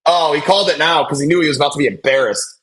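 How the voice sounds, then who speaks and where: A man hosting a live basketball watch-along, chatting casually and calling plays with excitement. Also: a little high, rapid-fire. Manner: chatty, excitable, reacts loudly to big plays.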